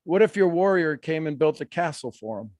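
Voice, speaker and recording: High-voiced animated man coaching live. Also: a little fast, dry recording, studio quality. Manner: animated, acts out quoted voices, laughs often. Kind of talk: live workshop teaching.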